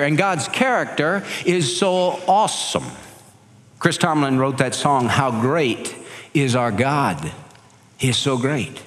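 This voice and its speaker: A pastor giving an emphatic, animated sermon. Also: male voice, medium pitch, big-room sound.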